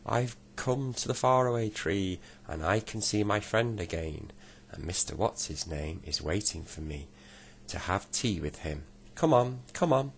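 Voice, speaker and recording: A man voicing a jolly, half-deaf old pedlar who shouts with glee, his voice raised well above his own. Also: low voice, expressive, slow, slight background noise. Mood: overjoyed.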